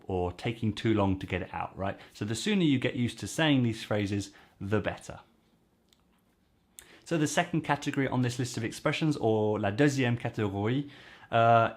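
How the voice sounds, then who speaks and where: A man teaching language phrases to camera in a chatty way, repeating each phrase slowly for practice. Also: on the low side. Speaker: French teacher.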